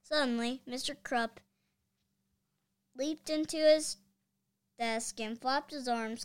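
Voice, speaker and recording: A woman reading a children's book aloud, expressive and deliberate. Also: fairly high pitch, smooth. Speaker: reader.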